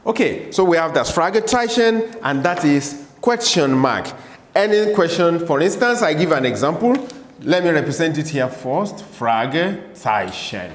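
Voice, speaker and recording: A man teaching a German lesson in English, patiently repeating each word slowly for learners in a room with a board. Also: fairly high pitch, animated. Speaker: language teacher. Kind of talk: slow classroom-style German lesson explained in English. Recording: echoey room with long reverb.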